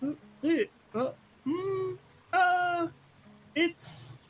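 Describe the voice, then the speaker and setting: A woman's voice: extremely high pitch, drawn-out words. A woman playing a tabletop role-playing game, hesitant and stammering with nervous laughs. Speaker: player.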